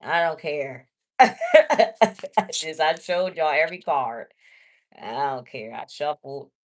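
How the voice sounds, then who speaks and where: A woman's voice: low voice, a little slow. A woman giving a casual tarot reading, chatty and blunt, talking straight to her viewers. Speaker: tarot reader.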